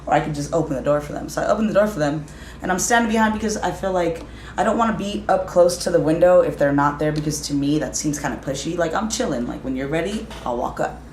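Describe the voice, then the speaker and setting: A low-voiced woman tells a quick, blunt story on a casual podcast, swearing as she goes. The sound is roomy, with faint noise behind it. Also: darkish tone. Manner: blunt, swears, talks fast. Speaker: podcast co-host.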